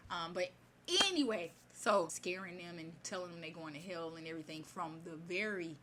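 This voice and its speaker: A woman retelling a fairy tale in her own casual words, chatty and animated, with many fillers and asides. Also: on the low side, moderate pace, background noise. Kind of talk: casual spoken retelling of a story.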